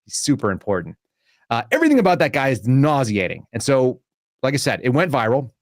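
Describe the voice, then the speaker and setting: A man's voice: medium pitch, big pitch swings, fairly quick, no echo. Sarcastic man ranting dry. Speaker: podcast host. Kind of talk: political commentary.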